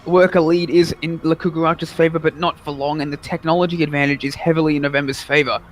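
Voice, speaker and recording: Brief: male esports caster, energetic play-by-play, slightly raised pitch, light background hum. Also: fast. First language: English. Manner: energetic play-by-play, excited at big moments. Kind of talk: live game commentary.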